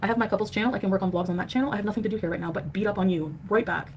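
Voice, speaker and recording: Woman, fast-talking, angry livestream rant, name-calling, scornful. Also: mid-range voice, darkish tone, slight background noise. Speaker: streamer.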